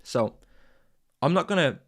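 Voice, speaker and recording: A man's voice: a little high, animated, measured pace, a bit bright. A man hosting a podcast, delivering an intense, profane motivational monologue. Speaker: podcast host.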